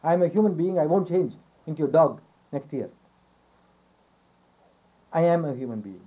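A man giving a yoga philosophy lecture, repeating his phrases, asking rhetorical questions and chuckling softly now and then. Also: a little high, animated, moderate pace. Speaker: yoga teacher. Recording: dull lo-fi recording.

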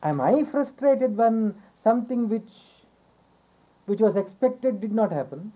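Speaking a little slowly with high pitch and lively intonation, a male yoga teacher gives a philosophy lecture full of repeated phrases, rhetorical questions and occasional soft chuckles, captured on a dull lo-fi recording.

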